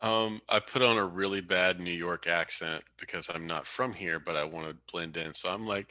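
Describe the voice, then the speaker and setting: A man's voice: sits low, moderate pace, dry recording. A man in a tabletop game, animatedly describing what his character does. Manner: animated, explaining his moves. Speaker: player.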